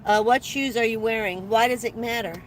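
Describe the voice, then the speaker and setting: An older woman chatting casually on a live stream, with a slightly high voice. She rambles from topic to topic and greets viewers by name, with a faint hum of noise behind her. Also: fairly quick. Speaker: van-life vlogger hosting a live stream. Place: inside her van.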